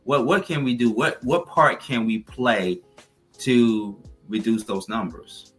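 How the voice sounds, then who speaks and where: A man hosting a talk show, asking questions and running through upbeat shout-outs and sign-off plugs. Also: mid-range voice, slow. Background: soft music bed.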